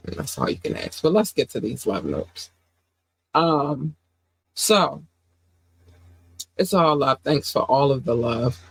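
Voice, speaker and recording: A woman hosts a casual livestream podcast, sounding under the weather and lower in energy than usual. She talks in an affectionate, rambling way, full of "um"s. The close, dry recording has no room sound. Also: big pitch swings, slow, vocal fry, long pauses, breathy edge, no room sound, low-quality recording. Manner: affectionate, rambling, with many fillers. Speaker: podcast host.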